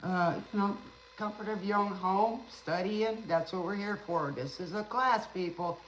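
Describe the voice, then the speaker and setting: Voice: medium pitch, moderate pace, fairly bright tone. Tarot reader, casual stream talk, teacherly, sarcastic, occasional stutter, roomy echo, faint noise. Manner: chatty, rambling, teacherly; stutters sometimes.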